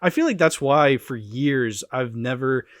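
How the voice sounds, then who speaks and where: A man's voice: mid-range voice, expressive, measured pace, dry recording. Young man, podcast host, casual movie chat, rambling restarts, dry close sound. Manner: rambling, self-correcting, frequent laughter.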